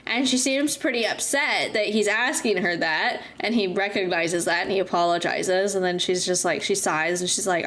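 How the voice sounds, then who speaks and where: A woman's voice: lowish voice, steady tone, normal speed, fairly bright tone, slight background noise. A young woman streaming a game, chatting casually and telling a rambling story full of fillers. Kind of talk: casual chat while gaming.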